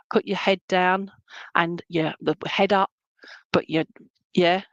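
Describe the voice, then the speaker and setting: A woman giving a live psychic reading, her voice sitting a little low. She talks in a chatty, reassuring way and keeps checking in with her listener. The sound is dry and close, with hardly any room around it. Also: no room sound, low-quality recording. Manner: chatty, relays messages and checks in with "okay?" and "all right?". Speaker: psychic medium.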